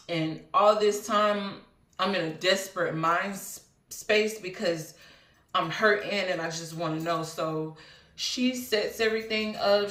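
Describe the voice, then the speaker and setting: A woman's voice: lowish voice, a bit bright. A woman recounts a personal story in a loose, rambling, earnest way, filling gaps with "um" and side remarks. Her voice sits some way off the mic, and the room around it rings noticeably. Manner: rambling, earnest, many fillers and asides. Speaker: vlogger. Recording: roomy, mic at a distance.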